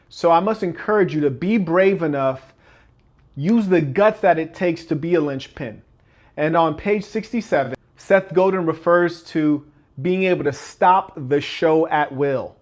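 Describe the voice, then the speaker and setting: A man hosting a motivational self-improvement talk, emphatic and preacher-like, acting out small scenes as he goes. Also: a little high. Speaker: channel host and speaker on self-improvement.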